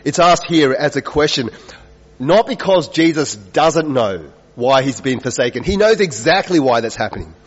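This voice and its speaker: A man preaching a sermon, earnest, with rhetorical questions and swings between loud emphasis and quiet, slow lines. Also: medium pitch, lively intonation, soft background music. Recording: dull, reverberant hall sound.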